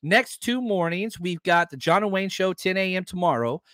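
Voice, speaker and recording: A man hosting a casual sports podcast, his voice sitting a little high for a man. He rants with heat and some profanity, swinging from loud bursts down to quiet muttered asides. The sound is dry and close, with no room around it. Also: lively intonation, moderate pace, no echo. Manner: heated, profane, swings between loud outbursts and low asides. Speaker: podcast host.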